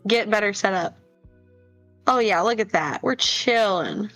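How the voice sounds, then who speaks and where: A woman's voice: mid-range voice, a little slow, fairly bright tone, faint music behind, rough recording. Chatty woman co-casting a card game. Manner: chatty and easygoing, laughing often, with fillers. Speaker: co-commentator and tournament player. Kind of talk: casual live game commentary.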